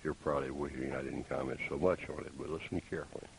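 A man preaching a sermon, deliberate and emphatic, with pointed rhetorical questions. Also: extremely low pitch, steady tone, creaky, low-quality recording. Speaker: pastor. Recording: faint hiss.

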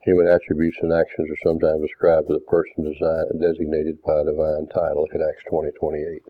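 A man preaching a doctrinal sermon, deliberate and didactic, reading scripture verses aloud. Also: rumbling low, completely flat delivery, dry recording. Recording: tinny phone-like dry sound.

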